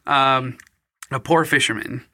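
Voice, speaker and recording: Male co-host, bright tone, dry close sound, loose filler-heavy storytelling. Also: mid-range voice, measured pace, no echo. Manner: rambling, filler-heavy, slips into mock-archaic reading voice. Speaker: podcast co-host retelling a legend. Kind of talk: casual chat, storytelling.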